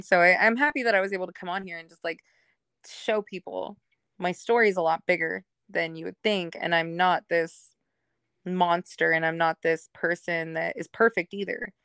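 With a voice on the low side that is fairly bright, clear and resonant, a young woman shares her life story openly as a guest on a casual podcast. She frequently laughs and performs the lines of people she quotes, and there is no echo.

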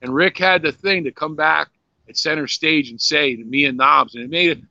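A man's voice: fairly high pitch, moderate pace, gravelly, pushed and bright, no room sound. An older man, a former pro wrestler, telling rambling, profane stories in a casual interview, full of "you know"s and restarts. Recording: dry, slightly dull lo-fi sound.

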